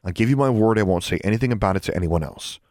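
A man's voice: lowish voice, lively intonation, rapid-fire, a little mellow, no room sound, clean studio sound, natural voice. A man voicing a smug, condescending teenage boy wizard. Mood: flat.

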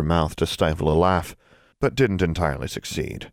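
A man narrating an audiobook in a steady, even storytelling voice. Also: deep voice, moderate pace, gravelly, no echo, studio quality.

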